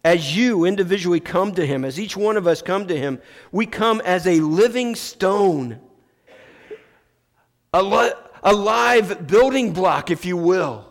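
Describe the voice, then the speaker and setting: A man preaching a sermon as pastor, slow and emphatic, restarting his phrases often. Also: high-pitched, lively intonation. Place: church sanctuary. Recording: long church reverb.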